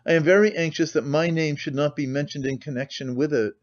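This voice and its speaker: A man voicing a calculating, pompous middle-aged suitor who talks in a measured, formal way, full of hedging phrases. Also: on the high side, lo-fi sound, close to an everyday voice.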